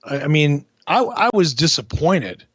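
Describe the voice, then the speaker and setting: A middle-aged man hosting a casual podcast, animated and profane, often restarting his sentences. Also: fairly high pitch, unhurried, breathy edge, no echo, highs cut off. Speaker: podcast host.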